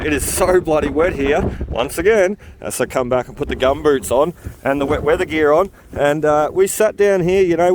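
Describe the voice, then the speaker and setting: A man vlogging outdoors in a wet, windy paddock, excitedly commenting on his metal detecting finds and a little out of breath from digging. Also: mid-range voice. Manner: excitable, exclaims over finds.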